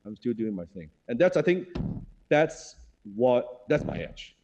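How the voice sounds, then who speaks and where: A man's voice: medium pitch, big pitch swings, a little slow, muffled recording, background noise. A man speaking as a guest in an interview, blunt and emphatic, driving his points home by repeating them. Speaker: guest entrepreneur. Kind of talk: conversational interview.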